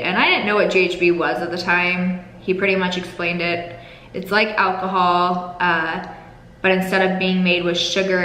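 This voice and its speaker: Young woman, kinda low voice, spilling a rough personal story, swears a lot, close to crying, roomy echo. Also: fairly bright tone. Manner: candid, emotional, swears freely. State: holding back tears. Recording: echoey room with long reverb.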